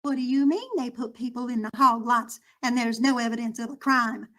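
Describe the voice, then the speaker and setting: A woman's voice: a little high, fairly even intonation, fairly quick, pushed and bright. A woman doing a stammering fake-Southern poser. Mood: nervous. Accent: put-on Southern US. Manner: stammering, nervous, eager to fit in. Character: vain outsider in disguise, faking a Southern accent. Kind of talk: comedic role-play.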